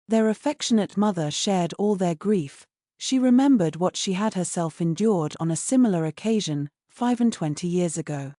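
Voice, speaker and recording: Mellow woman reading a classic novel. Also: fairly low pitch, lively intonation, normal speed, no echo, studio quality. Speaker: audiobook narrator. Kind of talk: scripted narration.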